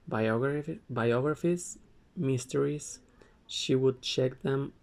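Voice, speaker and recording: Slow, gravelly man reading aloud. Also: mid-range voice, darkish tone. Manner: halting, frequent stumbles and self-corrections. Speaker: amateur reader.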